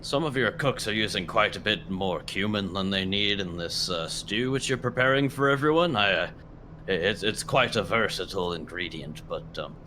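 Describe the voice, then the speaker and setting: A man's voice: low voice, bright, forceful tone, slight background noise. A man voicing a pompous male dragonborn ship's cook, talking in a boastful, fussy, formal way.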